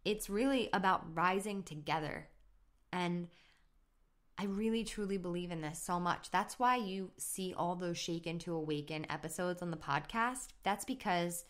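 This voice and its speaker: A woman's voice: lowish voice, normal speed, fairly bright tone. A woman hosting a solo motivational podcast in an upbeat, chatty way, laughing at herself now and then. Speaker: podcast host.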